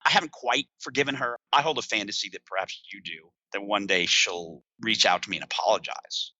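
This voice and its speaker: A man's voice: lowish voice, fairly quick, bright, forceful tone, no echo, lo-fi sound. A man speaking earnestly and reflectively as a podcast guest, talking openly about his feelings. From United States. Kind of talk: candid conversation.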